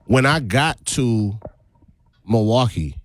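A man's voice: medium pitch, animated, takes it slowly, fairly bright tone, slight background noise. A man in his forties from the US Virgin Islands, hosting a radio talk show and telling stories casually, laughing often. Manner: storytelling with laughter and fillers. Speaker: radio host.

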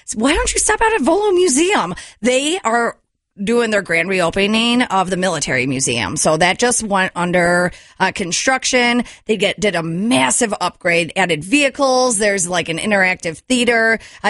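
A woman's voice: mid-range voice, animated, normal speed, a bit bright, dry recording, clean studio sound. Chatty upbeat woman radio host. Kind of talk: casual radio chat.

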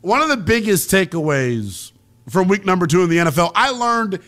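A man's voice: sits high, big pitch swings, moderate pace, a bit bright. A man hosting a call-in sports radio show, talking bluntly in loose slang.

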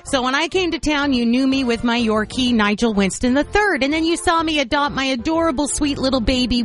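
Woman morning-show host, casual and animated, light music underneath. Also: on the high side. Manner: warm-hearted, animated, playful asides. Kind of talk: casual radio chat.

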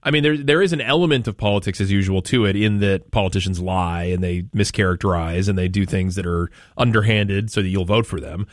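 A man's voice: low-pitched, a little fast, hardly any pauses, dry recording, clean studio sound. A man from Maine hosting a talk radio show, chatting in a rambling way with frequent restarts. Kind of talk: casual talk radio chat.

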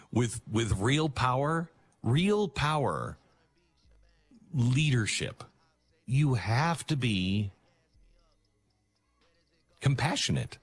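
Male talk host, low husky voice, earnest and emphatic, swings his pitch a lot. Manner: earnest and emphatic, halting restarts. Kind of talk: talk radio monologue.

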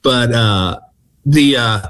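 A middle-aged man from Texas, telling stories as a comedy guest in a relaxed, self-deprecating way. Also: mid-range voice, slow. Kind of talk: casual storytelling.

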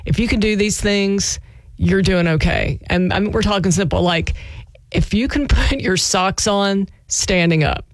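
A woman hosts a morning radio show with a chatty, self-mocking delivery, laughing now and then mid-sentence. Her voice sits at an ordinary middle pitch, and the sound is dry and close with no room around it. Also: unhurried, no room sound. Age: adult, married. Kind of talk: casual radio chat.

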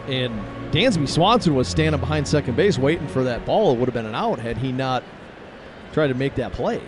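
A man giving measured, analytical color commentary on a baseball game. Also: mid-range voice, expressive, background noise.

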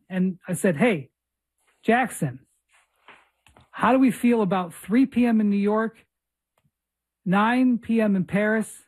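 A woman with a mid-range, slightly mellow voice hosts a basketball podcast in a casual chat. She tells a story animatedly, repeating phrases for effect.

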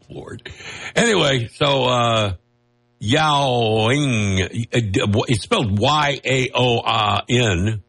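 A man's voice: medium pitch, big pitch swings, takes it slowly, a bit bright, husky. A man hosting a casual political commentary monologue, mocking and wisecracking, rambling with asides and laughing at his own jokes. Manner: loose, rambling, with restarts and asides.

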